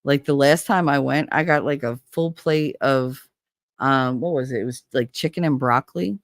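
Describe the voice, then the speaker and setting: A woman's voice: very deep voice, normal speed, no room sound, clean studio sound. A middle-aged woman, chatting casually with viewers and telling stories with swearing and laughs. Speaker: livestream host.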